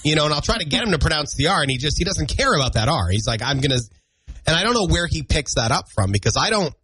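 A male morning radio host talking in a loose, self-deprecating way, his husky voice swinging widely in pitch. He sounds a little congested from allergies. The sound is dry and close on a studio mic. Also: quick pace, dry recording. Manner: chatty, self-deprecating, animated storytelling. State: congested from allergies, clearing throat. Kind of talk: casual on-air banter. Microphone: studio broadcast mic.

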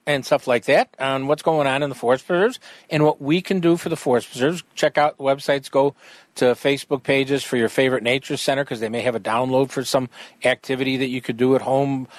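A man's voice: medium pitch, no room sound. A man hosting a casual outdoors radio talk show, joking and chatting with guests. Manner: jokey, animated, quick asides.

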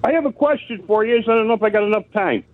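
A man's voice: sits high, fast talker, no room sound. A man calling into a sports radio show, hesitant and full of ums and uhs, heard over a tinny phone line. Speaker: caller. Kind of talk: call-in radio chat.

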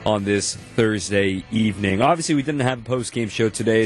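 A man hosting a sports talk show, stuffed up from allergies, talking in an animated and emphatic way that repeats points for stress. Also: lowish voice, brisk, hardly any pauses, soft background music. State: congested from allergies. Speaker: podcast host.

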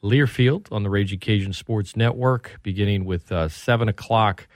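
A man's voice: fairly low pitch, normal speed, no room sound, clean studio sound. A man hosting a sports radio talk show, chatting loosely and reading plugs and promos for upcoming shows. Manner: conversational, reads station plugs and promos.

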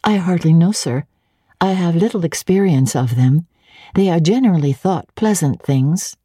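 A reserved young governess answers in a measured, polite way, spoken by a woman reading the book. The voice is low, husky and dark. It is a storybook reading. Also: expressive, no echo, studio quality. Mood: composed.

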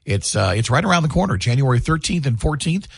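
Gravelly, animated middle-aged radio host. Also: male voice, mid-range voice, fast, dry recording, clean studio sound. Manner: animated storyteller. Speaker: radio morning show host. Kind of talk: morning radio chat. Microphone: studio microphone.

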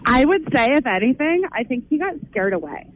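A woman's voice: high voice, sing-song, a little fast, slight background noise. A woman calling into a radio show, giving hesitant, thoughtful answers over the phone. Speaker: caller. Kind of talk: phone-in tarot reading. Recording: tinny phone line.

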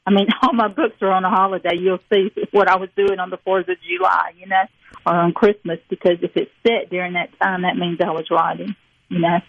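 A woman's voice: fairly low pitch, fairly even intonation, fairly quick, dry recording, dull audio. An older woman from rural Mississippi with a Southern accent, chatting as an author guest in a rambling, folksy way with frequent laughs. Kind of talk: casual interview chat.

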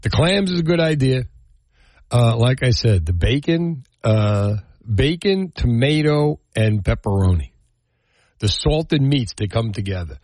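A man hosting a call-in radio show, joking with callers and chatting in an animated way. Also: mid-range voice, measured pace, dry recording. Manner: animated, jokey, repeats phone numbers. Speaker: radio host.

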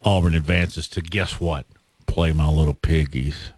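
A man's voice: a bass voice, steady tone, unhurried, darkish tone, slightly rough, no echo. A male radio host reminiscing on air in a casual, storytelling way, chuckling and drawing out his punchlines.

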